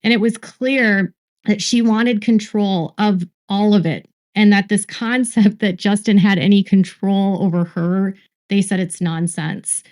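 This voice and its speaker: Woman commentator in a played clip, recounts gossip from sources, slow and repetitive. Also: medium pitch, steady tone, darkish tone. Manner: lists traits slowly, repeats words for emphasis. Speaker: online commentator.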